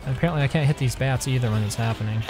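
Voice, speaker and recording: A man with a mid-range voice races through his words while streaming a game with his friends. It's relaxed gaming banter, full of dry jokes about the lag, with game music behind him.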